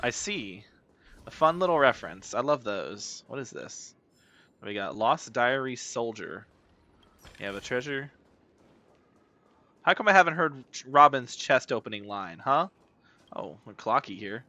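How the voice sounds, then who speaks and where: A man's voice: mid-range voice, big pitch swings, a little slow, long pauses, sharp tone, no echo. A man streaming a game, rambling and joking in casual slang as he plays. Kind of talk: casual gameplay commentary.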